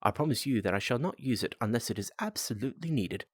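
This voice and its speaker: A man voicing a calm, sharp-minded male detective in a storybook reading, explaining step by step. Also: mid-range voice, fast, breathy edge, dry recording, clean studio sound.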